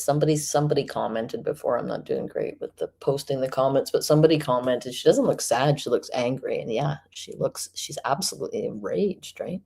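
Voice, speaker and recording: A woman's voice: a bass voice, gravelly, mellow, husky. A woman hosting a stream, giving mocking, sarcastic commentary on a video clip. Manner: sarcastic, mocking, laughs often. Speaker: host reacting to a video.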